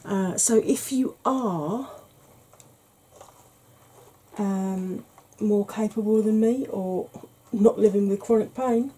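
A woman hosting a soft-spoken ASMR makeup tutorial, chatty and explanatory, sometimes dropping into a whisper. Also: mid-range voice, takes it slowly, long pauses, slight background noise, low-quality recording.

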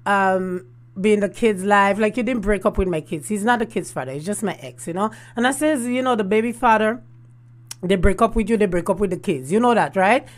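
A woman's voice: mid-range voice, a little fast. A woman, hosting a casual storytelling vlog and laughing often. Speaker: host.

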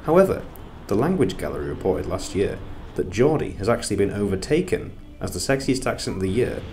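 Male reporter for a news package, lively scripted read, slightly low voice. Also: a little fast, slight background noise.

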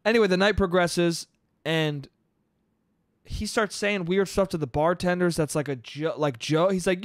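Man, high voice, solo podcast host, casual storytelling, profane, rambling, dry close sound. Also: moderate pace, no echo. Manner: rambling, profane, laughs at his own stories.

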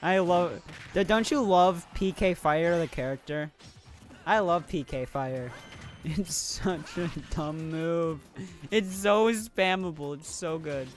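Young male streamer, high-pitched, chatty and mock-angry; light music bed. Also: takes it slowly. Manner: chatty, playfully salty, laughing often. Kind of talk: casual live game commentary. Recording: faint background music.

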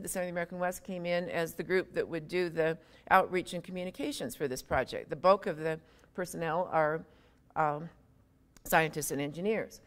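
A woman giving a public university lecture in a conversational way, with wry, self-deprecating humor and frequent asides. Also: lowish voice.

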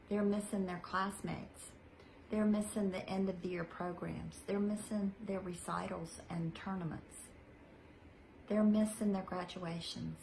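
Slow, gentle woman telling children a Bible story. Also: medium pitch, gravelly, slight background noise, rough recording. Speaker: children's minister. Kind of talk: children's message.

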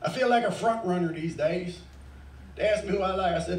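Middle-aged male open-mic comic, crude, rambling and profane, with a high voice, caught from a distance in a roomy bar. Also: fast, a little hiss or hum. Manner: crude, rambling, swears freely. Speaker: stand-up comic. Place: bar stage. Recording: echoey bar, mic far off.

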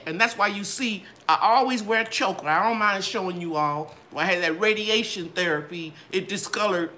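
An older woman talks to her viewers in a live gardening Q and A. Her voice swoops up and down in a sing-song way. Her tone is bright and ringing, like a trained singer's. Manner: animated, sing-song ups and downs in pitch. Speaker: gardening channel host. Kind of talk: live Q and A chat.

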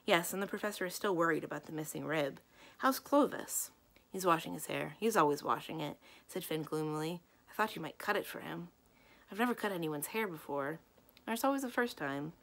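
A woman librarian reading a children's novel aloud, gently, lifting her voice for the dialogue. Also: on the low side, lively intonation, brisk. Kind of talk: children's book read-aloud.

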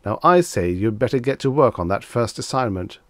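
A man voicing a panicky, haughty young dandy with a shrill, indignant manner. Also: animated, normal speed, no room sound. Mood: haughty scolding.

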